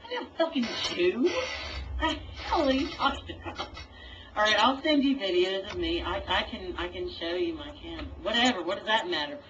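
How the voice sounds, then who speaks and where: A woman's voice: mid-range voice, lively intonation, fairly quick. A woman in an online voice chat, delivering a heated, profane, lecturing rant. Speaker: voice chat participant. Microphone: computer mic in voice chat. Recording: distant, dull lo-fi voice chat audio with faint hiss.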